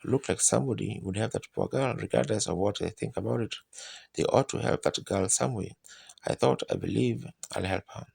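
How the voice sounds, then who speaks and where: A folksy preacher tells a long personal story in plain, colloquial speech, acting out moments as he goes. His voice is low and heavily gravelly, with a husky edge. The sound is dry and close. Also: brisk, a little mellow, no room sound. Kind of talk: sermon storytelling.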